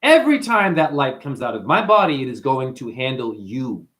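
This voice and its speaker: A medium-pitched male voice at a moderate pace hosts a spiritual livestream. The man is animated with his chat, calling people honey, and he chants mantras too.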